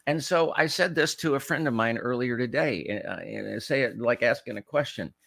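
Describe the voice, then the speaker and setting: A man hosting a talk program, reading scripture and preaching commentary in an emphatic way, often restarting and repeating words and slowing down to stress key phrases. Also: mid-range voice, vocal fry, fairly bright tone. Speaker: host of a political talk show.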